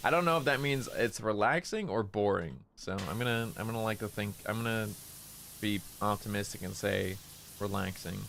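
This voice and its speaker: Low, gravelly, laid-back male streamer. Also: slight background noise. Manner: relaxed, low-key, not very expressive; deliberately speaking in his lower register. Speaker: livestreamer. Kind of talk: casual chat while streaming a game.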